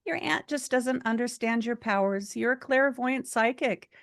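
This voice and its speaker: A woman's voice: a little high, normal speed, gravelly, a bit bright, no room sound, clean studio sound, pitched above the performer's own voice. A woman voicing a kind female psychic mentor who speaks in a soothing, affectionate, reassuring way.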